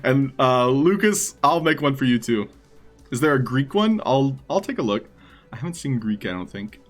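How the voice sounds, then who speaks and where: A man's voice: medium pitch, big pitch swings, moderate pace, soft background music. A man streaming live, chatting casually and thinking aloud as he sets things up. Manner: rambling, thinking aloud while setting up text-to-speech. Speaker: livestreamer.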